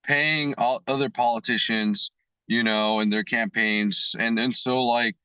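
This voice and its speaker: A man's voice: medium pitch, steady tone, a little slow, bright, forceful tone, clear, resonant tone, dry recording, poor audio. A man co-hosting a podcast, explaining his views earnestly in casual chat, using many fillers. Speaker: podcast co-host.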